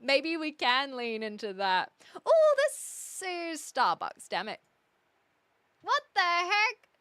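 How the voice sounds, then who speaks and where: A young woman live streamer chatting casually with her viewers, reading their comments aloud and thinking out loud in a chatty, indecisive way. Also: high voice, huge pitch swings, slow, dry recording.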